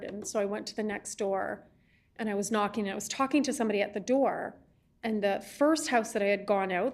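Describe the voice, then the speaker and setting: A woman on a legislative committee, questioning a witness in an impassioned, halting way, often repeating words as she speaks. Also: medium pitch.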